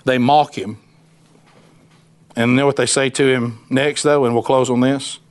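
A man's voice: medium pitch, fairly even intonation, normal speed. A man teaching a Bible study in a folksy, conversational way, acting out the voices of Bible figures.

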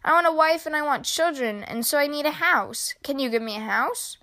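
A woman's voice: high voice, animated, a little fast, bright, forceful tone, voice pushed up, heavily acted. Woman reading a needy, wanting boy. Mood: demanding. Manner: wanting, plaintive asking. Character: demanding boy who grows into a tired old man.

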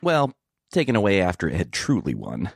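A man giving scripted documentary narration in an informative, expressive manner. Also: low-pitched, brisk, creaky, background noise.

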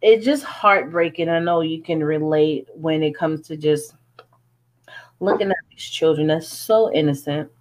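A woman's voice: low-pitched, unhurried. A woman who is a music artist, talking in an earnest, chatty way with many fillers in a casual interview.

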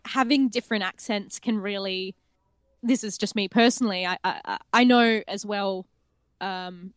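A woman co-hosting a tabletop game podcast in casual chat, animated and laughing often. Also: medium pitch, no room sound, clean studio sound. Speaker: podcast co-host and game master.

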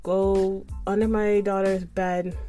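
A woman's voice: mid-range voice, slow pace, faint music behind. A young adult woman telling a frustrated storytime, swearing freely and laughing often. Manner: profane, animated, laughs often. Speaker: vlogger. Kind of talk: casual storytime monologue.

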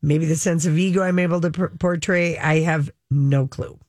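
A woman's voice: sits low, steady tone, moderate pace, a little mellow, no room sound, studio quality. A woman hosting an entertainment news segment on the radio, gossiping casually and reading out press quotes.

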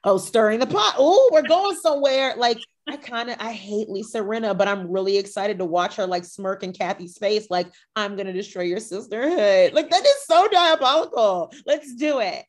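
Woman, podcast host, casual chat, animated, playfully shady. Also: fairly high pitch, normal speed, few pauses.

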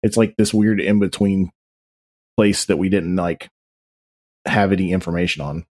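A man joins a relaxed gaming podcast and lays out his opinions in a measured, explaining way. His voice sits on the low side of average for a man. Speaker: podcast guest. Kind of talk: casual gaming podcast chat.

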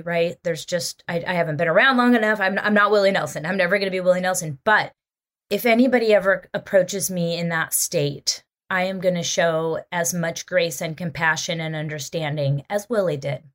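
A woman musician, a guest on an interview show, telling a story in an animated, expressive way. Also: fairly low pitch, brisk.

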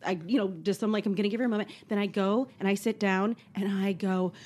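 A woman in her thirties telling a story in casual chat, animated, laughing often and swearing freely. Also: mid-range voice, fast.

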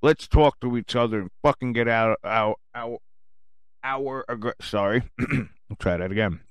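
Profane ranting man, smooth dry voice. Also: medium pitch, measured pace, no room sound. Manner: angry, cursing, sarcastic; swings from muttering to shouting. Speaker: radio show host. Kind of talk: profane rant.

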